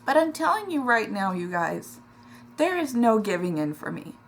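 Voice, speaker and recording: Middle-aged woman, personal vlog, near tears, halting, lots of ums. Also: medium pitch, sing-song, soft background music. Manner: emotional, halting, with many ums and restarts. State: close to tears. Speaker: weight loss vlogger.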